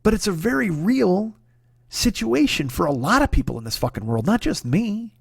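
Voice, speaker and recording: A man in his forties tells a long story on his solo comedy podcast, swearing freely and restarting his sentences often. His voice sits a little high for a man and carries a gravelly fry. The sound is dry and close, with no room around it. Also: sing-song, moderate pace, dry recording. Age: 40s. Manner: profane, rambling, candid and confessional; frequent restarts and apologies while telling a story.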